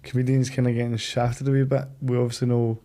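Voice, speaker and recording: A man's voice: mid-range voice, level tone, quick pace, warm tone. A man hosting a podcast in a heartfelt casual chat, often hesitating and repeating words. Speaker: podcast host.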